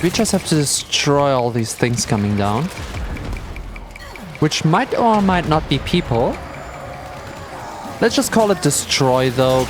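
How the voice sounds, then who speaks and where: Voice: mid-range voice, background noise. A streamer chatting casually and playfully during a gameplay livestream. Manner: playful and animated, with silly meowing bits.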